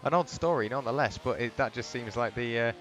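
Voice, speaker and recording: A man calls a sim race live, rambling between tangents and building excitement as the leader takes the flag. His voice sits at an ordinary middle pitch, with a faint hum underneath. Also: fast. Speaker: race commentator. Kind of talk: live sim racing commentary.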